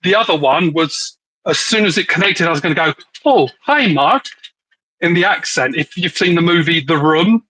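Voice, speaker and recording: Bright-voiced joking Englishman. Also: on the high side, a little fast, dry recording, rough recording. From England. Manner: joking, rambling, says "like" often. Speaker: livestream co-host. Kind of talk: casual live chat.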